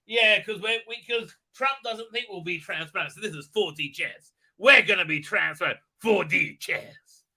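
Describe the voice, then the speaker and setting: A man's voice: high-pitched, normal speed, sharp tone, breathy edge. A man hosting his live stream, rambling and stammering through crude jokes and mocking voices in casual chat. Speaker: livestream host.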